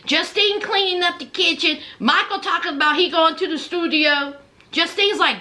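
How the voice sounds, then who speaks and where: A woman's voice: very high-pitched, moderate pace, bright, forceful tone. A woman giving a chatty, gossipy recap of a reality show, laughing often and calling listeners honey. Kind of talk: casual commentary.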